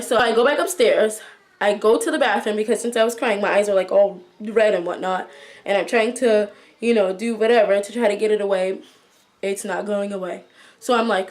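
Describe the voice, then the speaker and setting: A woman's voice: medium pitch, moderate pace. A young woman vlogger chattily retelling a school story, acting out the quotes as she goes. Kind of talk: storytime vlog.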